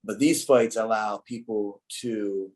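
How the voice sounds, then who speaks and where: A man's voice: lowish voice, fairly even intonation, slow pace, a little mellow, low-quality recording. A man co-hosting a casual podcast, talking loosely with lots of filler words and easy banter. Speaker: podcast co-host, fighter. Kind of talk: casual chat.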